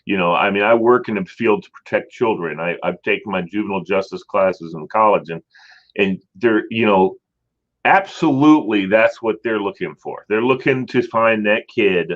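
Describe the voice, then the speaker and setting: A man co-hosting a podcast in casual chat, telling stories and acting out voices with big jumps in pitch. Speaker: podcast co-host. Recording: dull lo-fi sound.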